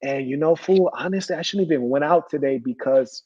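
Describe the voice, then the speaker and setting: A man's voice: a little high, fairly quick, mellow, slightly rough, muffled recording. A man telling a story in casual, slangy talk, dropping "fool" and "you know" often.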